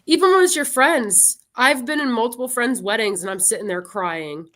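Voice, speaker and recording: A woman's voice: fairly high pitch, normal speed, a bit bright. A woman co-hosting a talk show, chatting earnestly and laughing easily. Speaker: guest co-host. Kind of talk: casual chat.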